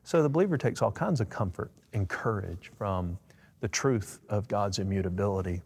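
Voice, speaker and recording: A man's voice: fairly low pitch, normal speed, creaky, a little mellow, breathy edge. A man answering in a preaching style, emphatic and fervent, rising on key words. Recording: long echo.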